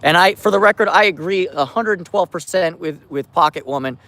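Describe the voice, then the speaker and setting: A man's voice: high-pitched, fairly quick, sharp tone. A man live-streaming casually while he feeds stray cats outdoors, rambling with restarts and mild swearing into a handheld phone. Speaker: vlogger feeding stray cats. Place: outdoors by his car at night.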